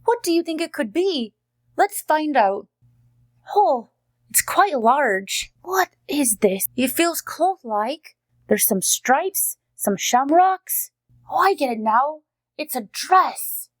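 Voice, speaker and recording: A cheerful friendly dog host, played by a woman, chatting sweetly and teaching kids as she unboxes. Her voice is high and close, with a dry sound that has no room around it. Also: sing-song, slow, no echo, heavily acted. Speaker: host of a kids' unboxing video. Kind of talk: kids' educational unboxing narration.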